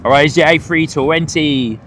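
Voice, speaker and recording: Outdoors by an airport on a cold, windy morning, a man hosts a live plane-spotting stream, chatting with viewers and laughing often. His voice is on the high side and fairly bright, at a moderate pace, with wind and outdoor ambience behind him.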